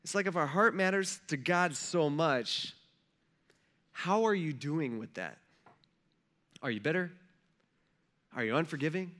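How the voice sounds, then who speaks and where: A man's voice: on the high side, expressive, a little slow, pauses often, fairly bright tone. A man in his thirties preaching a casual, conversational sermon, acting out Bible characters with humorous asides. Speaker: pastor.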